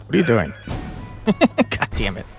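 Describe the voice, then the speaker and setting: Gamer guy, lively voice, slow drawl, snaps moves and jokey insults at his fighter. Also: medium pitch, vocal fry. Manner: barks quick commands, mock-insults his character. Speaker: gamer playing a martial arts game. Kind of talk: let's play commentary. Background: game music.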